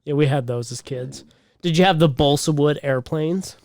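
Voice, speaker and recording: Brief: male podcast host, fairly high voice, crude teasing banter, dry close sound. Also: normal speed, darkish tone, no echo. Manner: crude, teasing, heavy swearing.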